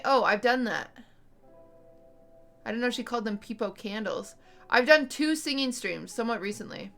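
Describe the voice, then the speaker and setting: A woman streams from home late at night, talking unhurriedly to her chat in a slightly high voice. She is blunt and exasperated and swears freely. Faint music plays behind her. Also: sharp tone. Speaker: livestreamer. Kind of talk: casual chat to a stream audience. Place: home at night, roommates nearby.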